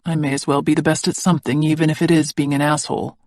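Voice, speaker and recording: An audiobook reader voicing a guarded adult man who is bitter about his father, spoken in a subdued, low-key way with very dry sound. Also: level tone, quick pace, a little mellow, dry recording, close to an everyday voice. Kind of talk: audiobook dialogue reading.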